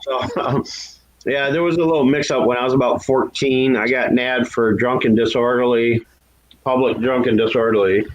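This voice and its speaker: A man with a steady tone and normal speed talks casually and candidly about his past in a self-deprecating way, laughing at his own story. When quoting others he lifts his pitch, and the sound is lo-fi.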